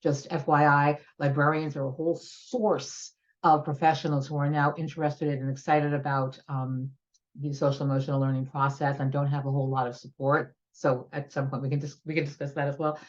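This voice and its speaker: A woman's voice: low-pitched, little pitch movement, fairly quick, muffled recording. A woman educational consultant eagerly explaining her methods on a video-call panel.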